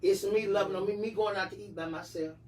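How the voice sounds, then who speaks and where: A middle-aged woman talks with animated, sermon-like fervor, swinging from soft confiding to bursts of loud encouragement. Her voice sits at an ordinary pitch. She is caught from a distance on the mic, with faint noise behind her. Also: fast talker. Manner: animated, preachy encouragement with playful self-talk. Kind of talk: casual chat.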